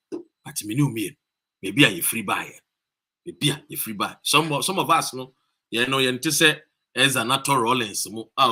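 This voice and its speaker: A Ghanaian man livestreaming from a street demonstration, rousing viewers with repeated calls and shout-outs. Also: a little high. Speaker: activist streaming a demonstration. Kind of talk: live-streamed rally talk.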